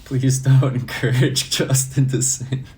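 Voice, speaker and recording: A man's voice: medium pitch, fairly even intonation, slow pace, darkish tone, a little hiss or hum. A young man chatting casually on a live stream, loose and profane, laughing often. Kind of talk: casual live-stream chat answering comments.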